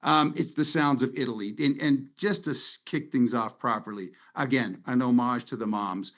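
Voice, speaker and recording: A man's voice: mid-range voice, normal speed, a bit bright. A middle-aged man hosting a webinar over slides from his home office on a video call, talking in a loose, sentimental, rambling way. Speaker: webinar host. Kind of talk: casual presentation over slides.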